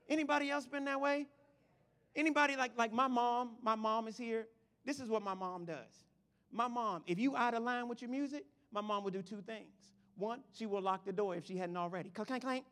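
A man preaching a lively sermon to his congregation, swinging from shouts to quiet asides. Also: very high voice, normal speed, smooth. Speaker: pastor. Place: church sanctuary. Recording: long hall reverb.

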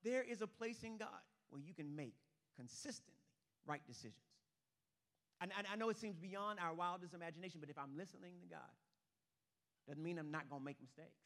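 A young man preaching with lots of animation, his voice pitched high for a man. The tone is bright and forceful, and he swings from loud bursts to quiet, hushed lines. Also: animated, fairly quick. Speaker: pastor. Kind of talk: animated sermon.

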